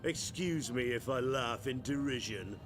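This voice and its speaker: An actor playing a haughty, contemptuous aristocratic knight in a video game, with a theatrical delivery over game music. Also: male voice, medium pitch, measured pace, natural voice. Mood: scornful. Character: scornful aristocratic male knight, disdainful. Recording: game audio with music behind.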